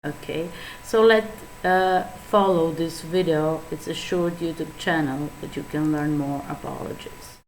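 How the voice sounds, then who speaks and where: Macedonian woman as English teacher, lower voice, faint hiss behind. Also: steady tone, a little mellow, poor audio. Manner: explains slowly with small restarts and fillers. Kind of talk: online lesson reading examples.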